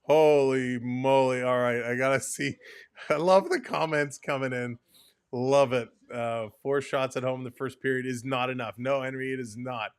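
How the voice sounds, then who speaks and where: A man hosting a live hockey watch-along, calling the play and chatting with viewers, quick to laugh. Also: mid-range voice, smooth, dry recording, clean studio sound. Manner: excitable, laughs often, reads out viewer comments.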